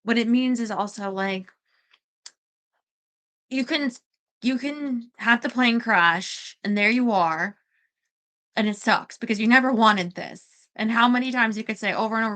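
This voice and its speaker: A woman's voice: on the high side, moderate pace, long pauses, a bit bright. A woman hosting a casual chat, rambling with lots of fillers and quoting herself. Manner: rambling, full of fillers and self-quotes. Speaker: podcast host.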